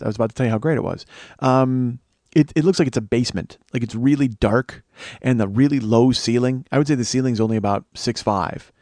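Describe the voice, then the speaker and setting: A man's voice: medium pitch, warm tone, dry recording. A man hosting a podcast, telling rambling, profane comic stories in a casual monologue. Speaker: podcast host.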